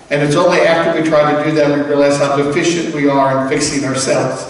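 A high-voiced man preaches a sermon in a big, echoey church hall, heard from a distance with a long reverb tail. He talks to the congregation in a conversational, animated way and slips into quoted voices now and then. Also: fairly quick, hardly any pauses. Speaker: pastor.

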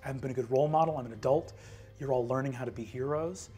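A man voicing a rough but caring adult woman ranger who talks earnestly, swears freely and hurries through apologies. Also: medium pitch, racing, warm tone, faint music behind, close to an everyday voice. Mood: remorseful.

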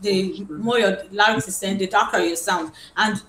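A woman's voice: mid-range voice, fairly even intonation, unhurried, a bit bright. A woman, a host and vocal coach who explains singing technique earnestly. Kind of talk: interview discussion. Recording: roomy echo, faint background noise.

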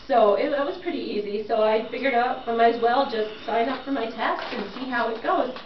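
A fairly high-voiced woman tells a humorous personal story, self-mocking and animated. She acts out the lines of the people in her tale. She sounds set back from the mic in an echoey room, on a dull recording with faint hiss. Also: brisk, recorded from a distance. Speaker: speaker telling a personal story.

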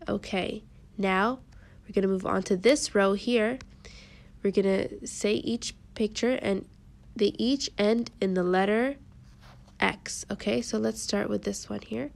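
A woman teaching a kindergarten phonics lesson, sounding out letters slowly and praising the children often. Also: mid-range voice, creaky.

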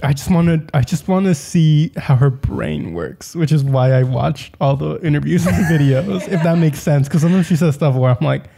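A man's voice: on the high side, lively intonation, normal speed, vocal fry, hardly any pauses, mellow, husky. A man co-hosting a podcast in casual chat, laid-back, laughing often and filling with "like". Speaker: podcast co-host.

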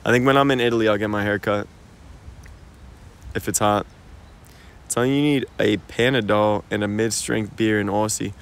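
A man's voice: fairly low pitch, fairly even intonation, moderate pace, pauses often. A young American man livestreaming outdoors as he walks, chatting to viewers in a laid-back, slangy way and laughing often, recorded on a phone. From United States. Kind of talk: casual live-stream chat. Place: outdoors in a park-like cemetery.

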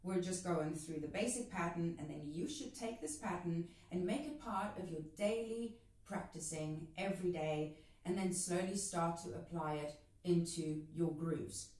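A woman teaching a cajon lesson in a casual, encouraging way, counting the rhythm out loud as she plays. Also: on the low side, moderate pace. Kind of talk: video lesson. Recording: roomy and distant, with cajon playing.

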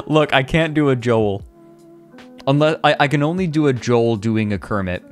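A man streaming a comedic dramatic reading, deadpan and slow, with laughing asides. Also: medium pitch, soft background music. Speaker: streamer reading a fanfic aloud.

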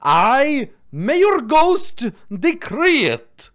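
A man voicing a theatrical, cackling female witch mayor in a high, warbling voice in a video game play-through. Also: sing-song, drawn-out words, a bit bright, heavily acted. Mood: spooky. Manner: hammy, melodramatic.

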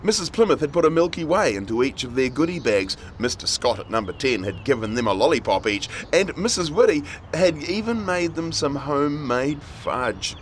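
A man reading a children's story aloud in a playful, expressive way. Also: medium pitch, normal speed, a little hiss or hum.

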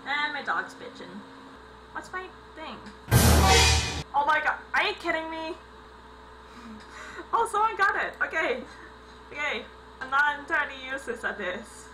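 A young woman hosting a gaming channel, giving excitable let's-play commentary with sudden yelps and laughs, on a home recording with mains hum. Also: high voice, a little slow, long pauses, faint music behind, rough recording.

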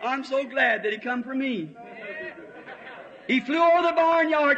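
A man preaching a fiery revival sermon in folksy, storytelling words, swelling to shouts. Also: very high voice, unhurried, some chatter behind, slight background noise. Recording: old lo-fi tape, long hall reverb.

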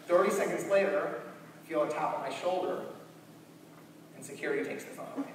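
A young man giving a storytelling keynote in a large conference hall, animated and acting out scenes. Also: fairly high pitch, a little fast, slight background noise. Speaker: keynote speaker. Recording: echoey hall from far off.

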